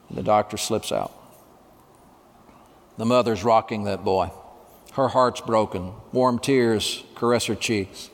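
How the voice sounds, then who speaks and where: A man preaching a sermon, telling a story with dramatic pauses and dropping to a hush at emotional moments. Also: medium pitch, steady tone, in a large hall. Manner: dramatic, hushed at emotional moments, acts out dialogue.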